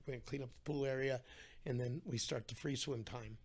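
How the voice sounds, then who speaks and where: A man's voice: mid-range voice, steady tone, a little fast. A middle-aged man telling his own weight-loss story in a casual interview, acting out the voices of people he quotes.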